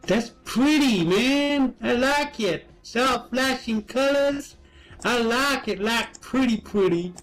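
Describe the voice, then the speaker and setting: A man's voice: extremely high pitch, slow, fairly bright tone, faint music behind. A man trolling strangers in online voice chat, mocking and teasing in a sing-song way.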